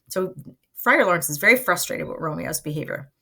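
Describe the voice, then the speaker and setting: A woman's voice: on the low side, expressive, fairly quick, creaky, bright, forceful tone, breathy edge. A woman teacher casually explaining a play to students in plain, conversational words.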